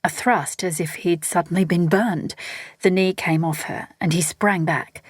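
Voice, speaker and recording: A woman narrating a novel in a steady storytelling read. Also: on the low side, unhurried, husky, no room sound, studio quality. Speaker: audiobook narrator. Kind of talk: scripted narration.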